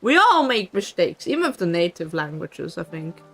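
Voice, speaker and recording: Woman, Swiss German accent, bright voice, casual streamer chat, laughs a lot, swears casually, soft background music. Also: fairly low pitch, sing-song, moderate pace. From Switzerland.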